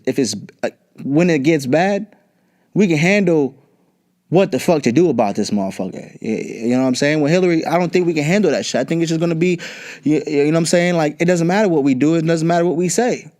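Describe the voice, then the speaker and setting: A man's voice: on the high side, a little mellow. A young man hosting a podcast, ranting bluntly and profanely in casual talk. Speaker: podcast host. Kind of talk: casual political rant.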